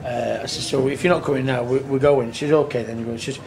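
Speaking quickly in a creaky, slightly mellow voice of medium pitch with fairly even intonation, a tribute band singer tells a casual, rambling anecdote. He is earthy, swears, and acts out what people said, and the on-location recording is noisy.

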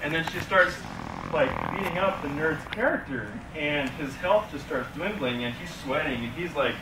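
A young man, an animation student, enthusiastically pitching a film story to a class and acting out its scenes, recorded from far off in an echoey, noisy classroom. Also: lively intonation, moderate pace. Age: young adult. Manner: enthusiastic, laughing, acts out scenes.

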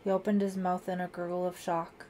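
A woman narrating a thriller audiobook in a measured, dramatic reading. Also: on the low side, flat delivery, mellow, a little hiss or hum.

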